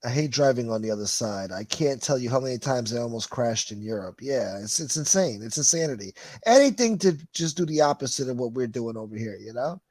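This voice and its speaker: A man's voice: mid-range voice, expressive, a little fast, darkish tone, no room sound. A man hosting a livestream, reading chat comments aloud and riffing on them in profane, rambling, wisecracking casual chat. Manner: profane, rambling, wisecracking, calls people boy.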